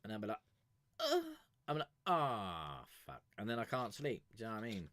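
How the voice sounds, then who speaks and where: This young man, a music review streamer, races along in a voice on the low side with a fairly bright tone. Chatting casually to his live stream audience, he rambles, swears without restraint and chuckles between thoughts.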